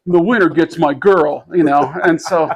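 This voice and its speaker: A man co-hosting a podcast, telling a story in casual chat, rambling and halting with many fillers, lively when he quotes others. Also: a little high, slightly rough, dull audio. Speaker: podcast co-host.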